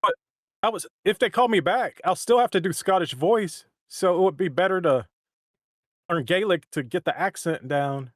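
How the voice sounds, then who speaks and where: Speaking at a moderate pace in a high voice, this man is a voice actor co-hosting a stream. The casual chat wanders, with frequent restarted sentences, captured in clean studio sound with no room sound.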